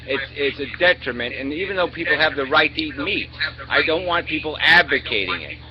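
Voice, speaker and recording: A man's voice: fairly high pitch, expressive, brisk. A man hosting a heated online debate, ranting emphatically and swearing constantly. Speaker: channel host in online debate. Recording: lo-fi webcam stream audio with crowd noise.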